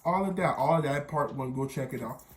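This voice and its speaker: A man's voice: medium pitch, a little fast, reverberant. A young man from Miami telling a rambling storytime vlog, often repeating himself and quoting others. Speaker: vlogger.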